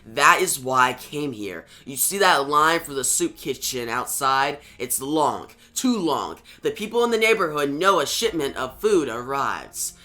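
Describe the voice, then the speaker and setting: Brooding young vigilante read by a man, terse, flat, bright voice. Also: medium pitch, measured pace, few pauses, pitched below the performer's own voice.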